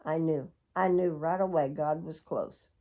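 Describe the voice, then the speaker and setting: A woman's voice: sits low, unhurried, warm tone. A middle-aged woman telling a rambling, reflective personal story to her viewers. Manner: rambling, reflective, with frequent laughs. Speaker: vlogger.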